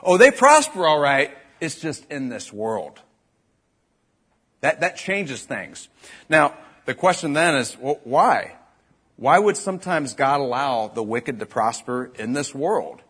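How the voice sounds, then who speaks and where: Husky-voiced man preaching. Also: mid-range voice, animated, slow pace, a bit bright. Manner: conversational preaching, rising to emphatic bursts. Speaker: pastor. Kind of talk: sermon.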